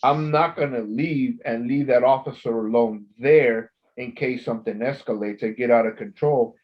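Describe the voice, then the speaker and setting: A man telling blunt, profane stories in a casual podcast chat, growing loud when he quotes himself. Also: medium pitch, moderate pace, lo-fi sound. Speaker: former corrections officer, co-host.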